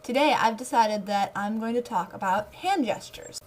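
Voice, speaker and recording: A woman's voice: on the high side, normal speed. A young woman from the United States chatting casually to camera in her own vlog, giggling now and then and talking with her hands. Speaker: vlogger.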